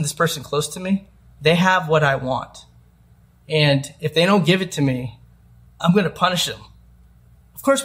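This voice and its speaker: A young man preaching a sermon, talking to his congregation like he's chatting with friends. He slips into little acted-out quotes and asides as he goes. His voice sits somewhat high for a man. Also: fairly bright tone. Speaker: pastor.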